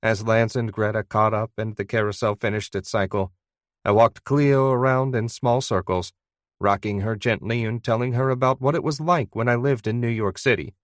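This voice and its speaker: Male audiobook narrator, low voice, dry close sound, steady first-person read. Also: normal speed, no echo.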